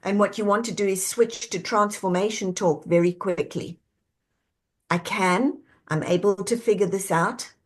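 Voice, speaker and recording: A woman speaking as a guest in an interview, her voice at an ordinary middle pitch. She lays out her ideas in a measured, reflective way, one step after another. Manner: measured, reflective, walks through questions step by step. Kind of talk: interview answer, coaching talk.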